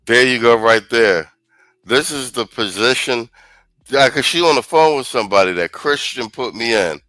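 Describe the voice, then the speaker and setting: A man's voice: medium pitch, animated, normal speed, pushed and bright, no room sound, some chatter behind, rough recording. Blunt slangy male show host. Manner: blunt, slangy, reads chat comments aloud. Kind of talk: casual commentary reacting to clips.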